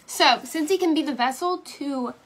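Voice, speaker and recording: A woman's voice: sits high, moderate pace. A young woman leading a sales team, giving an emphatic motivational talk on a live stream and checking in with "okay?" after nearly every point. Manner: emphatic, repeats "okay?" and "right?". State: tearing up. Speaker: direct sales team leader.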